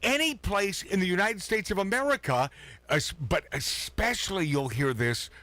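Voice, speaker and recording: A man's voice: high-pitched, expressive, normal speed, bright, forceful tone, no echo. A man hosting a casual talk radio show, sarcastic and laughing at his own jokes.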